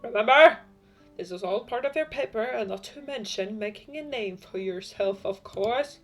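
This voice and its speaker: A woman voicing a pompous male art lecturer with a put-on accent and a grand, booming delivery. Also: expressive, normal speed, faint music behind. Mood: lecturing.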